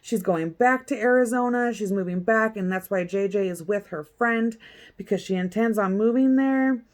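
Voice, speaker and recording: A woman's voice: mid-range voice, normal speed. A woman vlogger giving a blunt, profane, sarcastic recap in casual chat. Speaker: vlogger recapping a court hearing.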